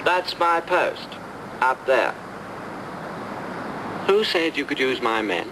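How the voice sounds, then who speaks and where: A man's voice: mid-range voice, expressive, slow, noisy background. An actor playing a young British army man who speaks with dry understatement, heard in an old film clip with music. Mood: calm dry.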